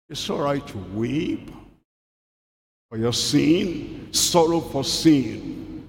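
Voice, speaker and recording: A man preaching a sermon, reading scripture slowly with deliberate pauses. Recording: hall reverb, faint rumble.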